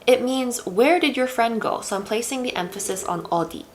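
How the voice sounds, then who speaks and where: A woman's voice: a little high, moderate pace, hardly any pauses, slight background noise. A woman teaching a Korean lesson in a casual, chatty way, using fillers like "you know" and "like".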